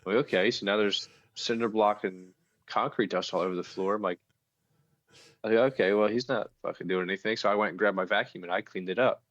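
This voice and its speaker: A man's voice: fairly low pitch, fairly even intonation, fairly quick, fairly bright tone, no echo, dull audio. A man co-hosting a casual chat, an electrician telling blunt work stories and swearing casually. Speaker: podcast co-host, electrician.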